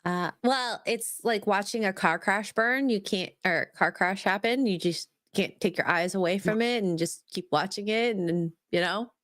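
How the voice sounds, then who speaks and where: Female co-host, mid pitch, chatty and giggly, dry sound. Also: normal speed, few pauses, fairly bright tone, dry recording. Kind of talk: casual livestream chat.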